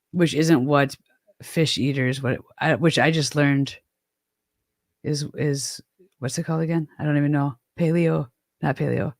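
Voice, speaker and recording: A woman's voice: sits low, dry recording, studio quality. A middle-aged woman from the American Midwest, chatting casually as a host, rambling and self-deprecating with many restarts. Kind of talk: casual chat.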